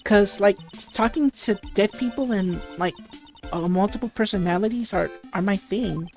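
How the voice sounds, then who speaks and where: A woman's voice: medium pitch, a little mellow, soft background music, lightly acted. Woman reading as a ditzy valley girl. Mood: airheaded. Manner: halting reading with stutters and restarts; valley-girl filler words.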